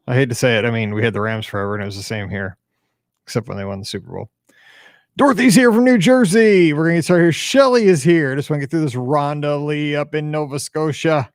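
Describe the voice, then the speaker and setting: A tired man chats his way through the warm-up of a live podcast, greeting viewers by name and humming under his breath. His voice has a gravelly edge, and the close mic sound is dry with no room around it. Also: medium pitch, quick pace, dry recording. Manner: chatty, upbeat, hums and mutters to himself. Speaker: podcast host. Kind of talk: casual pre-show chat greeting live viewers.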